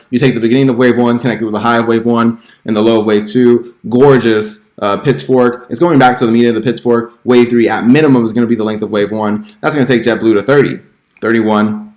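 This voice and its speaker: A man's voice: medium pitch, a little mellow, echoey room. A man hosting a stock trading channel, casually walking through chart analysis with many filler words. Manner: chatty, full of "you know" and "uh" fillers.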